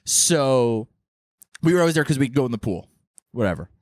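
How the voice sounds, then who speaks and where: A man's voice: medium pitch, expressive, fairly quick, no room sound, studio quality. A man co-hosting a podcast, telling stories in casual chat, swearing freely and laughing as he talks. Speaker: podcast co-host.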